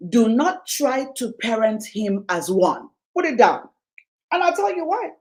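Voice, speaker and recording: At a conference venue, a woman gives a motivational talk as a parenting coach, emphatic and preachy, repeating key lines and acting out parents and children in quoted voices. Her voice is fairly high, sing-song and a little mellow, a little slow, and the audio is poor.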